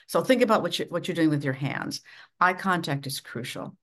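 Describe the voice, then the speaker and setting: A middle-aged woman from Minnesota, a leadership coach giving measured, instructive advice as a podcast guest. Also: lively intonation, a bit bright. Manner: measured, instructive, dramatic swings of pitch and volume. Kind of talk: podcast interview.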